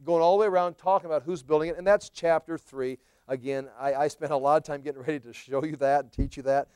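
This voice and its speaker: A man's voice: on the high side, fairly even intonation, quick pace, darkish tone, smooth, no room sound. A man teaching a Bible study in a chatty, conversational way, with playful asides to his class.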